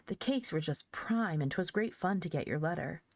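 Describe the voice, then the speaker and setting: A woman's voice: fairly low pitch, expressive, normal speed, no room sound. Brief: grateful polite boy, read by a woman, effusive, dry audiobook. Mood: glad. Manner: warm and effusive. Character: grateful, well-bred young boy. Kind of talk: audiobook character voice.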